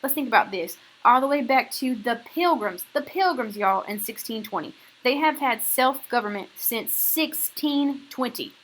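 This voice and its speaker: A woman's voice: on the high side, lively intonation, normal speed, few pauses, fairly bright tone, a little hiss or hum, rough recording. A woman teaching a history lesson in a casual, slangy way, often checking in with "okay?". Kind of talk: recorded classroom lecture.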